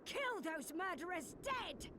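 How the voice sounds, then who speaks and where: A solemn, high, swooping quest-giver. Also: female voice, sing-song, unhurried, sharp tone, full character voice. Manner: solemn, commanding requests. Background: game music.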